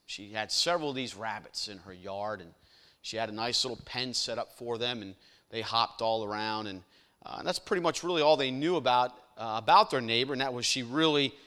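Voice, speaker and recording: Folksy preacher in a reverberant hall. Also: male voice, medium pitch, a little fast, bright, forceful tone, clean tone. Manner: folksy and conversational, many fillers, rising to emphatic questions. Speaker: pastor. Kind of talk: evening sermon with storytelling.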